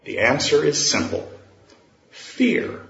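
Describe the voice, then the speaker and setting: A man's voice: fairly high pitch, huge pitch swings, takes it slowly, creaky, fairly bright tone, a little hiss or hum. Male preacher, sermon, earnest, storytelling, dull roomy recording.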